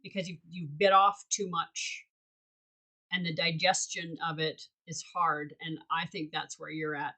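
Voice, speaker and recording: Woman co-host, lowish voice, reflective coaching chat, halting restarts. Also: flat delivery, pushed and bright, rough recording. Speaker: podcast co-host. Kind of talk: casual chat.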